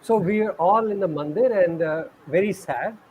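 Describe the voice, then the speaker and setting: A high-voiced man tells stories in a relaxed chat. He acts out the people he quotes. Faint room noise sits under his voice. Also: moderate pace, dull audio. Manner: animated storyteller, acts out quoted speech. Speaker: host sharing stories. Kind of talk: conversational storytelling.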